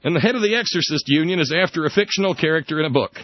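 A man hosting a satirical talk radio show, sarcastic, often jumping into high mocking tones. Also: expressive, rapid-fire, no room sound. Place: radio studio. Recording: dull dry radio broadcast.

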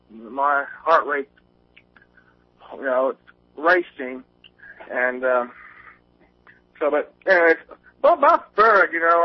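Nervous, rambling male caller on a phone line. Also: fairly high pitch. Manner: rambling, many fillers and restarts. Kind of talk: nervous call-in chat. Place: outdoors on a windy day.

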